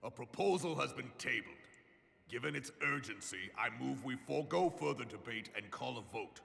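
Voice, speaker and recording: A formal game council chairman, deeply gravelly and bright-edged, husky as he calls for order. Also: animated, soft background music, heavily acted. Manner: formal, measured.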